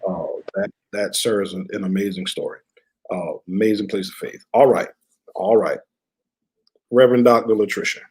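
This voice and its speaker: A man's voice: on the low side, fairly even intonation, moderate pace, darkish tone, husky, low-quality recording. A man, a bishop hosting a church discussion, responding in a reflective, prayerful way. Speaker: bishop and host.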